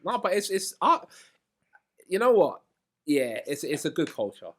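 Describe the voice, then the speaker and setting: A man's voice: on the high side, sing-song, normal speed, fairly bright tone. A man in casual podcast chat who laughs a lot and talks over others.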